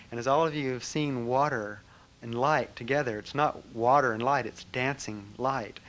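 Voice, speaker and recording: A man telling a personal story to an audience, animated, with frequent laughter and trailing fillers. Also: medium pitch, background noise. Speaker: speaker recounting a memory. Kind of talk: personal anecdote to a live audience.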